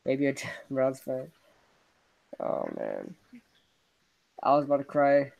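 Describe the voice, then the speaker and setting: A young man hosting a casual sports podcast, ranting excitedly and laughing often. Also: medium pitch, slow pace, vocal fry. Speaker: podcast host.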